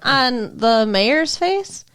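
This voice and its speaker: A woman's voice: high-pitched, sing-song, very slow, a bit bright, clean tone. A woman co-hosting a podcast, adding details and short reactions in casual chat about a TV episode. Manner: chiming in with short reactions and additions. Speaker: podcast co-host.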